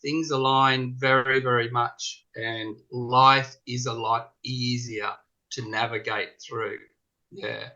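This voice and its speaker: A man's voice: mid-range voice, level tone, slow, pushed and bright, muffled recording. An Australian man on a video call, sharing personal reflections hesitantly, often repeating words as he searches. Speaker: game participant.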